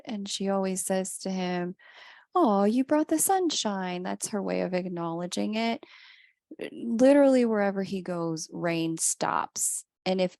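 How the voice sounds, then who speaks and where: A woman's voice: on the low side, vocal fry, darkish tone, dry recording, studio quality. A woman giving a casual spiritual talk as an astrologer and reader, chatty, often laughing and acting out the people in her stories.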